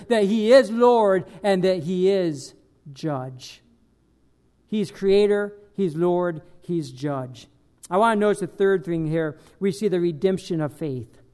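A man preaching a sermon as pastor, emphatic, swinging between loud bursts and quiet dropped lines. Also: sits high, clear, resonant tone.

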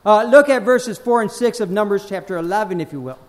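A man with a notably high voice preaches a sermon, reading scripture with slow, swelling emphasis. Between readings he drops into quieter asides and speaks straight to his listeners, doubling his phrases for effect. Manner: addresses the congregation directly, repeats phrases.

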